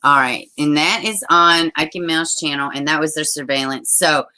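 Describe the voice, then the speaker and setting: A woman's voice: deep voice, moderate pace, pushed and bright. A woman hosting a casual livestream, chatting with viewers and reading their comments aloud. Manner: chatty, reads out viewer comments, uses y'all. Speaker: livestream host.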